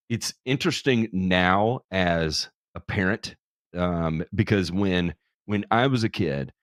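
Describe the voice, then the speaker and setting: A man's voice: deep voice, no room sound, studio quality. A man hosting a charity livestream, talking casually in a candid, profane, self-deprecating way. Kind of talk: casual chat.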